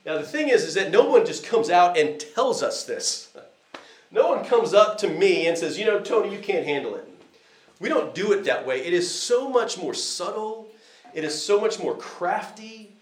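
A man's voice: high-pitched, animated, moderate pace. A man preaching a conversational sermon from the United States, telling a family story with frequent fillers and restarts. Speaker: visiting preacher. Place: church hall. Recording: echoey church hall.

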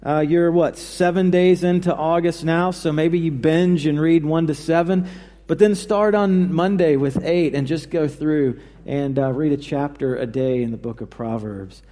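Male preacher, mellow tone, informal sermon delivery with hesitations; recorded with long hall reverb. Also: fairly high pitch, fairly even intonation. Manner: conversational, halting with fillers and restarts. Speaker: pastor.

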